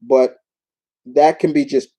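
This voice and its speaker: New york guy hosting a live q&a, rambly, lots of restarts, really dark warm voice. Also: mid-range voice, takes it slowly, low-quality recording. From New York, United States. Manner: rambling, animated storytelling with many restarts. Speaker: YouTube show host. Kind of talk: casual live Q&A chat.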